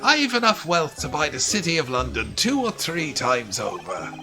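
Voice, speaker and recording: Bombastic wealthy gent, wild put-on accent, big swooping pitch; a man plays him; game music under. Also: wildly swooping pitch, unhurried. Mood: blustering. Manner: theatrical, blustering, swooping pitch. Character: boastful rich middle-aged man, odd put-on accent.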